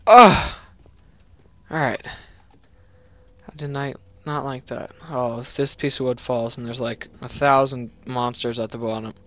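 A young man chatting through a horror game, talking casually and yelling in panic at the scares. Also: medium pitch, flat delivery, unhurried, a little hiss or hum. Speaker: gameplay commentator. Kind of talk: horror game let's play commentary.

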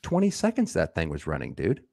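A man with a very low voice hosts a casual explanatory show. He talks in a chatty, teasing way with fillers. His voice sounds dry and close to the mic. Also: huge pitch swings, fairly quick, creaky, a little mellow, no echo. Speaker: podcast host.

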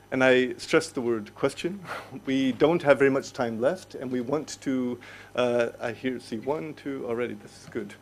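A man's voice: medium pitch, moderate pace, slight background noise. A male lecturer moderating questions at a lecture, speaking hesitantly with many fillers but firmly keeping the time. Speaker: discussion moderator. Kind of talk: chairing a Q&A. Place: lecture hall.

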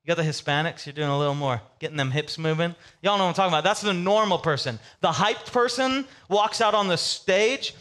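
A male pastor preaching a sermon in a casual, animated storytelling way with comic asides. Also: on the high side, fairly quick, few pauses.

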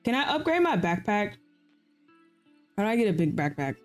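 A woman streams a farming game with a medium-pitched, very animated voice at a moderate pace, faint music in the background. She's playful and chatty, reacting aloud and answering her viewers' chat as she plays.

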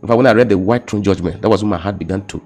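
Deep-voiced Nigerian man telling his testimony. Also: faint music behind. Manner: halting, repeats words, drops into quiet emotional tones. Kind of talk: personal testimony in casual conversation.

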